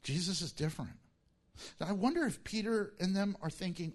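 Animated high-voiced male pastor preaching. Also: moderate pace. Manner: animated, acts out disciples' voices. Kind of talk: sermon.

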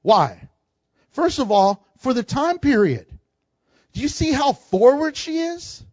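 A man preaching a sermon, animated, acting out the lines he quotes and laughing often. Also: extremely high pitch, slow, dry recording, muffled recording.

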